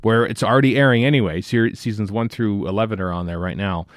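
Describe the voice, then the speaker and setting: A man's voice: lowish voice, quick pace, no echo, studio quality. A man hosting a podcast in casual chat, talking in a rambling way with many restarts and fillers. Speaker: podcast host.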